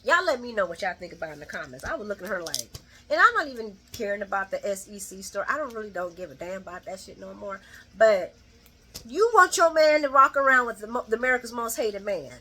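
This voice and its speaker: A woman's voice: medium pitch, expressive, quick pace, sharp tone, a little hiss or hum. A middle-aged woman giving a casual, chatty soap opera recap to her viewers, acting out the characters' lines and laughing often.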